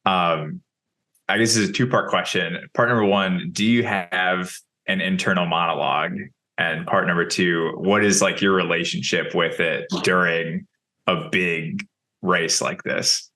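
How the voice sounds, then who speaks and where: A man hosting a podcast, asking halting, rambling interview questions. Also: low-pitched, fairly even intonation, bright, forceful tone. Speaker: podcast host.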